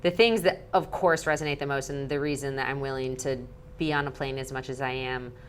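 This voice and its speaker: A woman, a guest speaker talking in an animated interview, peppering her speech with "like" and acting out quotes. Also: extremely low pitch, brisk, slight background noise. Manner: bubbly, heavy use of "like", acts out quotes.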